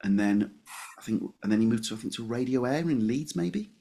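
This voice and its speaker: A man co-hosting a podcast in casual chat, animated and quick to laugh at his own jokes. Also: medium pitch, vocal fry. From West Yorkshire, England. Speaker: podcast co-host.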